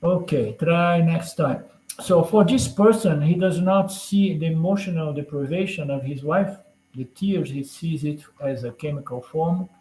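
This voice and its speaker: A man gives a relaxed spiritual lecture, his voice sitting a little higher than most men's. He talks casually, leaning on "you know?" and playful asides. The sound carries the echo of a roomy room. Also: unhurried. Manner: chatty, peppers points with "you know?" and jokes. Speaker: scripture class teacher. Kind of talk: conversational lecture.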